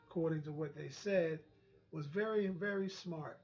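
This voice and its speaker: A man's voice: a little high, moderate pace, darkish tone, muffled recording, soft background music. A man hosting his own channel, delivering an impassioned, preachy commentary and repeating phrases for emphasis. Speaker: channel host.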